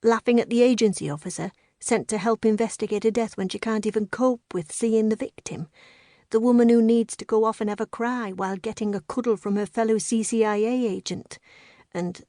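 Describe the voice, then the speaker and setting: A woman narrating a novel in the first person, reading in a measured, reflective way. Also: a little high, steady tone, warm tone, dry recording, studio quality. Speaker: audiobook narrator.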